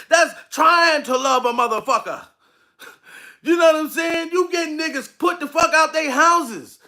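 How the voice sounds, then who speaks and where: High bright voiced guy ranting on a stream, cussing and laughing, gravelly. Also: lively intonation, moderate pace. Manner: profane, frequent laughs, addresses target directly. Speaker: comedian streaming live. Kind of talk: comedic rant to camera.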